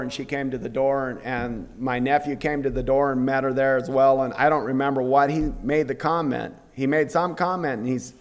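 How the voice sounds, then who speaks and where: A man giving a devotional sermon in an earnest, conversational way, often pausing to clear his throat. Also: medium pitch. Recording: long reverb of a hall.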